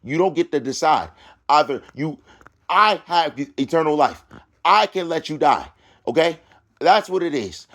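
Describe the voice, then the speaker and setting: A man reading scripture aloud and breaking off into loud preaching and taunting, drawling slowly through the verses. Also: a little high, animated. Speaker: self-styled preacher.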